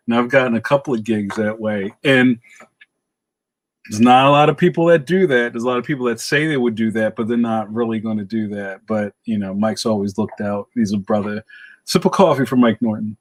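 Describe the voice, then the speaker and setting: A man with a New York accent hosting a casual livestream, chatting and reacting in an animated, slangy way. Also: brisk. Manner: animated, slangy, jumps up in pitch when excited. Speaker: livestream host. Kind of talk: casual chat reading viewer comments.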